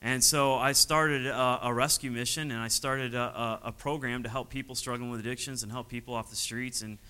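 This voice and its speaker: A man's voice: mid-range voice, steady tone, a little fast, pushed and bright, smooth, rough recording. A man, a missionary pastor, telling his story from the pulpit, chuckling often and acting out the voices of people he quotes. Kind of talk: testimony from the pulpit.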